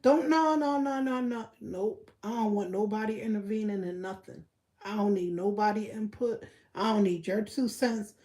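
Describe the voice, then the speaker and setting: A young woman giving blunt, profane gossip commentary on a live stream, repeating her points and breaking into loud laughter. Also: mid-range voice. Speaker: livestreamer.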